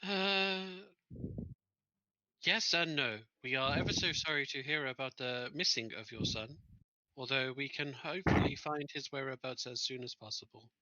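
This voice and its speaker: A prim, over-courteous warforged construct that speaks in stiff, formal phrases, as a man plays it at a tabletop game. The voice is very bright and sharp, with a dry, close sound. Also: medium pitch, moderate pace, no room sound, muffled recording. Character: overly polite warforged construct adventurer. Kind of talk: playing a character in a tabletop game.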